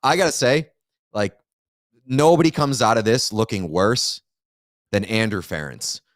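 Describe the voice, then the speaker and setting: Low-voiced man riffing dryly on a podcast. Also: a little slow, no room sound, studio quality. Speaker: podcast co-host. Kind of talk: casual sports chat.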